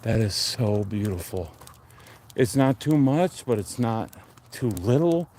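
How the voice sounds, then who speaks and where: A man in his forties on a casual live stream, chatting in a relaxed, rambling and enthusiastic way. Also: fairly low pitch, slow pace. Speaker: livestream host. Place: outdoors on a neighborhood street. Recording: faint outdoor street noise.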